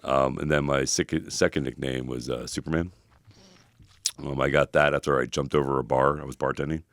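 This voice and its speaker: A man co-hosting a podcast, telling rambling, animated stories full of filler words. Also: extremely low pitch, normal speed, no echo, studio quality. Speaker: podcast co-host. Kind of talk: casual storytelling chat.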